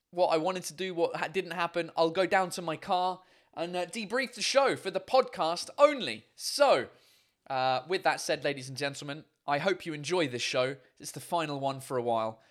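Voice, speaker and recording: A man's voice: on the high side, a bit bright. A man hosting his own live stream show, chatting casually and swearing freely.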